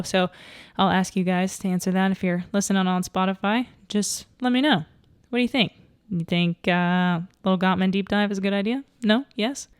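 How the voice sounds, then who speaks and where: A young woman talks on her podcast in a loose, thinking-aloud way, full of fillers, restarts and small laughs. Her voice sits a little low and sounds smooth and clear. She is slightly out of breath, recorded close and dry with no room sound. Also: no echo. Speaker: podcast host. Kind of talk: casual solo podcast talk.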